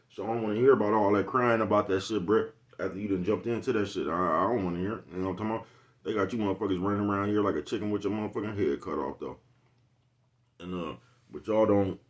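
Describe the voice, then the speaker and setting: A man in a casual, rambling vlog monologue, cursing freely and asking "you know what I'm talking about" again and again. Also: lowish voice. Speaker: vlogger.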